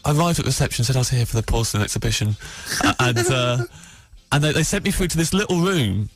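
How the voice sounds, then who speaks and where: A man's voice: mid-range voice, expressive. Young man with a lazy English Midlands accent, mid-range voice, rambling anecdote with lots of ums and restarts; radio studio with faint music under. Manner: rambling, halting storytelling with frequent fillers and self-interrupting restarts. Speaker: comedian guest telling a story.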